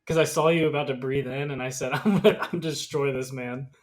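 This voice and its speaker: A man co-hosting a podcast, teasing his friends with quick interjections. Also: medium pitch, steady tone. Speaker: podcast co-host. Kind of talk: casual chat.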